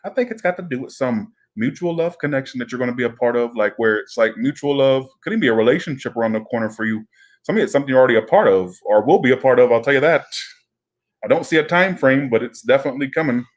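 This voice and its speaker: Man, tarot reader, casual reading, rambling, swears a lot, mid-pitched voice. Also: lively intonation, fast. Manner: rambling, profane, chatty.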